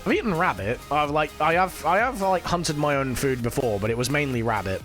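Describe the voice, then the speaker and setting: A man's voice: fairly high pitch, expressive, fairly quick, a bit bright. A man chatting casually with his live-stream chat while he plays, swearing now and then. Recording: faint music behind.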